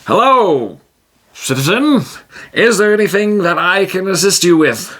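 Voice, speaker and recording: A man's voice: high-pitched, lively intonation, unhurried, fairly bright tone, voice pushed up, full character voice. A man voicing a grandiose, boastful male adventurer who is proud of his strength, in a solo tabletop game. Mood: pompous. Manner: grandiose, theatrical.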